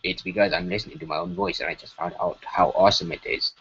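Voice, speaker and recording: A man's voice: low voice, quick pace, gravelly, fairly bright tone, slightly rough. A man chatting casually on a live stream while animating, rambling and stammering through frequent restarts. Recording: dull lo-fi stream audio with faint noise.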